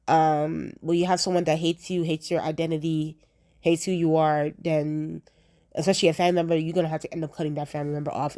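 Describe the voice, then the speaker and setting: This young woman has a deep, darkish voice as she chats through a TV episode for her relaxed review vlog. She stresses her points and repeats herself to drive them home.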